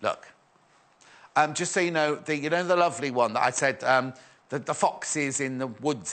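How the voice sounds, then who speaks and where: A man's voice: medium pitch, normal speed, fairly bright tone. A man presenting a shopping channel, chatty and rambling, joking and reading out viewer messages. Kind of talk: live shopping channel chat.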